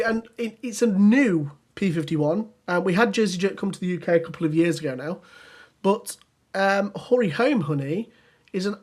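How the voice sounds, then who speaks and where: A podcast co-host chatting casually and enthusiastically, with many ums and restarts. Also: medium pitch. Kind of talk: casual chat.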